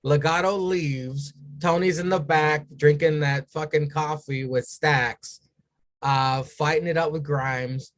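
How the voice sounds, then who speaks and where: A man with a slightly higher voice hosts a loose wrestling podcast. He talks through the matches with crude jokes and throws questions to his co-hosts. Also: fairly even intonation, takes it slowly. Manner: crude, joking, leads the rundown. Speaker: podcast host. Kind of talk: casual wrestling talk.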